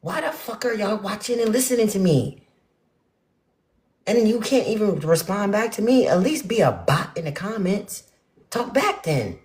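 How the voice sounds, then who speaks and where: Profane ranting woman, lively pitch. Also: moderate pace. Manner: blunt, profane, exasperated, swings loud and soft. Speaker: spiritual vlogger. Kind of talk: ranting casual monologue to viewers.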